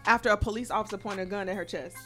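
A woman co-hosting a casual chat, relaxed as she recounts a news story. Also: medium pitch, rapid-fire, soft background music. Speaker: co-host.

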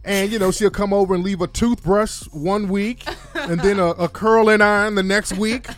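A man's voice: sits high, steady tone, normal speed. A man hosting a casual advice chat, brash and joking, often laughing as he talks. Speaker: advice show host.

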